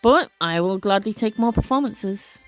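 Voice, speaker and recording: A woman doing casual let's play commentary, reading game text aloud with expressive, gasping reactions and chatty asides. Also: mid-range voice, moderate pace, faint music behind.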